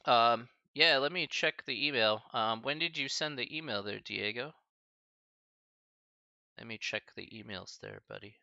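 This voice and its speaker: Choked-up man with a gravelly voice. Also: mid-range voice, pushed and bright, no room sound, muffled recording. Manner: halting and choked up, many restarts and sighs; casual, friendly, calls listeners buddy and man. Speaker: math professor streaming a class. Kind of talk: emotional farewell talk to a live stream chat.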